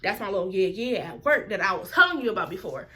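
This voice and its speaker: Woman, casual storytime vlog, animated, bright voice. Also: medium pitch, quick pace. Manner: animated storytelling, quotes others in raised voices. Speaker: vlogger.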